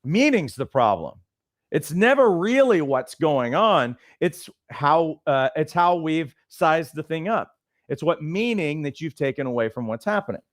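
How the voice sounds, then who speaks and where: A middle-aged man and life coach trainer who teaches through animated, conversational personal stories. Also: a little high, unhurried, no echo, clean studio sound. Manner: conversational, lots of fillers and restarts, animated storytelling.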